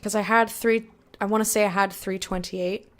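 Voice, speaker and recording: A woman's voice: mid-range voice, fairly even intonation, moderate pace. A young woman streaming a game, chatting casually with viewers, laughing often and reading game text aloud. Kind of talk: casual let's-play chat with viewers.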